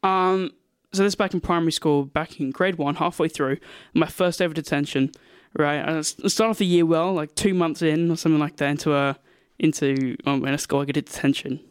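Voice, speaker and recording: A young man with an English accent mixed with Australian, telling anecdotes fast and eagerly, with lots of fillers. His voice sits high and bright for a man. The sound is close and dry, with no room echo. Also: fairly even intonation, clear, resonant tone. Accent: English, softened by years in Australia. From England. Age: young adult. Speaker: guest, university student. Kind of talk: casual storytelling interview.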